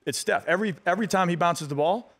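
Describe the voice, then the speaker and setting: A man in his thirties, a guest on a radio talk show, telling stories in a relaxed way with many fillers and restarts. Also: sits high, quick pace. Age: 30s. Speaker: guest athlete. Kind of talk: casual radio interview.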